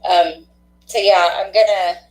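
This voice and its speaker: A woman hosting a spiritual card-reading livestream, chatting warmly and laughing often, with a stuffy nose. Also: mid-range voice, steady tone, unhurried. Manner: affectionate, chatty, laughs often, many fillers. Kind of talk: casual livestream sign-off chat. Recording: echoey room.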